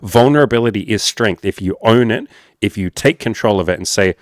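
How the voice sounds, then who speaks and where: A man's voice: on the low side, a little fast, no room sound, clean studio sound. A man talking casually to camera as a dating coach, candid and blunt, swearing freely and calling his viewers "guys".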